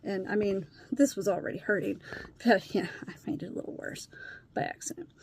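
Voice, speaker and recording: A woman's voice: medium pitch, lively intonation, a little fast, vocal fry, a little mellow, slight background noise. A woman talking bluntly in a candid personal vlog, upset and emotionally worn, swearing casually. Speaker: vlogger.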